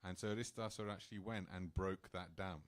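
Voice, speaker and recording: Low-voiced man telling a temple story. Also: steady tone, fairly quick. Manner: casual, chatty storytelling with restarts. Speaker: temple speaker. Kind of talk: sermon storytelling. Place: temple hall.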